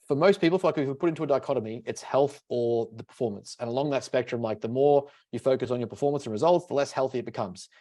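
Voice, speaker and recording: A man co-hosting a podcast, telling stories in casual chat and swearing freely. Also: mid-range voice. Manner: swears freely, animated storytelling. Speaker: podcast co-host.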